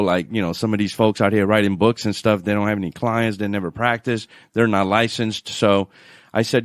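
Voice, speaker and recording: A man with a New Orleans accent, a financial adviser guest on a radio show, telling stories in an animated way and laughing often. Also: on the low side, brisk, dry recording, clean studio sound. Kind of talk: radio interview chat.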